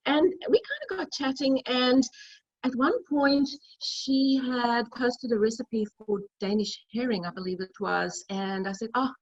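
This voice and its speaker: A woman's voice: on the high side, measured pace, dry recording. Chatty middle-aged woman on a lo-fi video call. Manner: chatty, storytelling. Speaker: cooking demonstrator. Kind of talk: casual cooking demo over video call. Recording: dull lo-fi video call audio.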